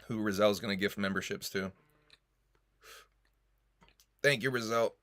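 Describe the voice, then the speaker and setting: Male livestream host: low voice, dry sound, casual and profane, with frequent coughs. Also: fairly even intonation, quick pace, fairly bright tone, no room sound.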